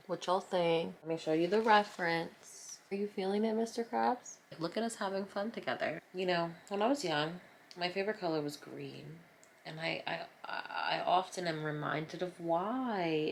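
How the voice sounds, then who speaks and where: Low-voiced woman rambling while she paints. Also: normal speed, gravelly, a little hiss or hum. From New Jersey. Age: 30s. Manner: rambling, self-mocking, playfully dramatic. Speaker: vlogger. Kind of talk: casual chat while painting. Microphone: camera mic.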